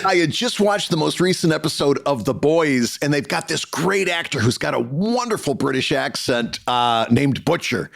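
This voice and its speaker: A man's voice: a little high, expressive, moderate pace, gravelly, hardly any pauses, a bit bright. A man co-hosting a podcast, joking around and reading listener questions aloud in casual banter. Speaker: podcast co-host.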